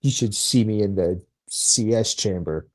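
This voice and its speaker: A man's voice: lowish voice, a little slow. A man chatting casually, answering in short, easygoing replies. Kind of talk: casual chat.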